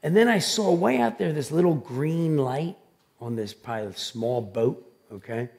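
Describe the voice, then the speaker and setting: A male pastor with a high, gravelly voice delivers his sermon. He talks loudly and with animated drama, throwing himself into his stories. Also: measured pace. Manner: loud, animated, dramatic storytelling. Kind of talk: sermon with personal storytelling.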